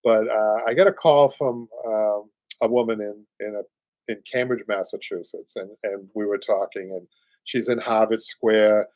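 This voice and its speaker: A man's voice: lowish voice, fairly even intonation, unhurried, a little mellow, dry recording, highs cut off. A man in his late fifties with a Boston accent, hosting a live upholstery show in a rambling, chatty way full of fillers and little chuckles. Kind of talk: casual live-stream chat.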